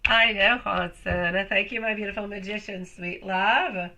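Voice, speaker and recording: Poor audio with a little hiss or hum carries a woman's bright, forceful, mid-range voice, fairly even and a little slow. Giving a live tarot reading, she's chatty and affectionate, calling viewers "sweetie" and "love," her voice still a little off during her recovery.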